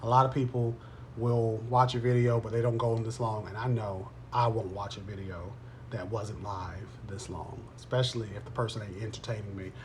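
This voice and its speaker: A man's voice: fairly low pitch, fairly even intonation, normal speed, a little mellow, slight background noise. Chatty man in his thirties hosting a live stream. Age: 30s. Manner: playful, teasing, chatty. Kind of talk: casual live-stream chat.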